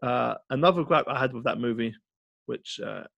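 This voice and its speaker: A man co-hosting a podcast, chatting casually and rambling through an animated story with lots of fillers. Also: medium pitch, normal speed, creaky, no room sound, highs cut off. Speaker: podcast co-host. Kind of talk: casual film chat.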